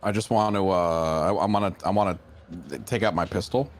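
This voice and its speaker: A man's voice: low-pitched, a little fast, slight background noise. A man playing a tabletop game over a voice call, playful and eager, tripping over his words as he describes his moves. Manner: playful, stumbles when eager. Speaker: player. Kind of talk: casual tabletop play.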